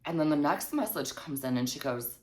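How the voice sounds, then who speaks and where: A woman with a strikingly deep, low voice tells a storytime vlog. Her delivery is snarky and full of swearing, and her pitch swings up and down a lot as she talks. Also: expressive, moderate pace, a little mellow. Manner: snarky and heavily profane. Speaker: vlogger.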